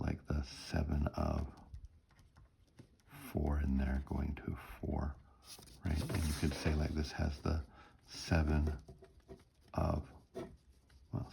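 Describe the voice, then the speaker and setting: Man, music theory lecturer, very low voice, warm dark tone, step-by-step explaining, hums melody snippets, faint background hiss. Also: creaky. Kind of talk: recorded lecture walkthrough.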